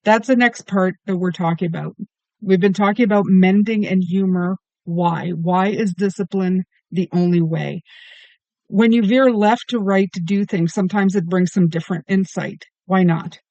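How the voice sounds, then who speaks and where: High-pitched male tarot reader, earnest and emphatic, dry close sound, slightly dull audio. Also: fairly even intonation, moderate pace, gravelly, darkish tone, no echo. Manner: earnest, emphatic, keeps asking why. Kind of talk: solo tarot reading monologue.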